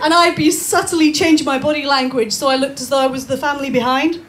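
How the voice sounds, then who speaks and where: A young woman performing live stand-up in a small bar, chatty and self-mocking with quick asides. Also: sits high, background noise. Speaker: stand-up comedian. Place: small comedy bar stage.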